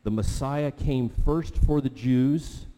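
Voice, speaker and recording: A male pastor preaching a sermon in a big hall, his words ringing out with a long reverb. His voice is very dark and mellow. He tells his story with animated swings between quiet talk and loud exclamations. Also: mid-range voice, takes it slowly.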